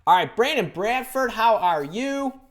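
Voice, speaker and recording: A man in his fifties hosting a live career advice stream, answering viewer questions in an energetic, chatty way full of jokes and asides. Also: high voice, a little slow. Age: 50s.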